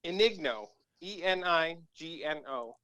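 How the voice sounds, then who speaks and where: A man's voice: a little high, lively intonation, measured pace, pushed and bright, smooth, no echo. Joking, mock-indignant male contestant. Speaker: game show contestant. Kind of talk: casual comedic banter. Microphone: phone call.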